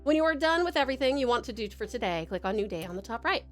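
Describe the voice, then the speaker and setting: Bubbly high-voiced Australian woman streamer. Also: lively intonation, racing, soft background music. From Tasmania, Australia. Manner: bubbly, laughs often, reads tutorial text aloud. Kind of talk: live game stream chat.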